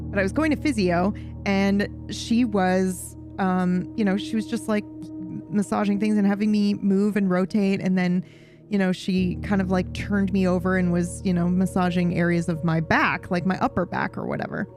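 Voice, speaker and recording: A woman's voice: mid-range voice, moderate pace, music in the background. Chatty woman streamer telling a story. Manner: rambling, animated storytelling with swearing. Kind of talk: casual chat with viewers while gaming.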